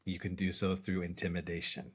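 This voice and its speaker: A middle-aged man, a podcast co-host and executive coach, explaining ideas in a measured way with many fillers and restarts. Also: low-pitched, little pitch movement, slightly rough. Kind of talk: casual explanatory chat.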